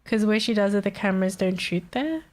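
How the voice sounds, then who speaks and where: A woman's voice: medium pitch, animated, fairly quick. Young woman, stuffy blocked nose, casual stream chat, swears a lot, faint music behind. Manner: chatty, swearing, laughing often, reading chat aloud.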